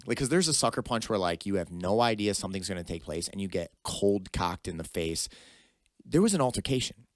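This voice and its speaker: A man's voice: lowish voice, no echo, studio quality. A man hosting a podcast, giving emphatic, opinionated commentary in casual talk. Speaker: podcast host. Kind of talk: casual conversation.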